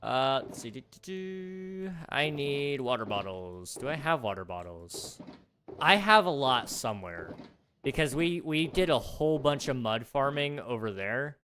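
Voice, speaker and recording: A man's voice: medium pitch, animated, moderate pace, pushed and bright, a little hiss or hum. A man chatting casually with his viewers on a livestream, rambling and poking fun at himself. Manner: rambling, chatty, self-deprecating.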